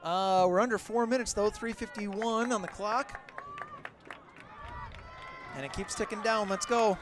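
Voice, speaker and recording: A middle-aged man calling a local high school football game as play-by-play announcer, openly rooting for the home team and shouting on big plays. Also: fairly even intonation, unhurried. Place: outdoors at a football field. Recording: crowd and outdoor noise behind. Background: crowd noise from the stands.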